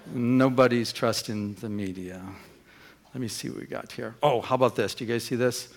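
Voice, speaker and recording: A man preaching a sermon as pastor in his church, emphatic and often asking the congregation questions. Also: mid-range voice.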